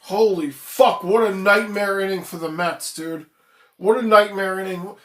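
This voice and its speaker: Reacting to a game as a fan on a live stream, this man rants, curses without restraint, works himself up, and reads out messages from chat. His voice is high and a bit bright, with fairly even intonation and a slightly slow delivery. The room he records in is echoey.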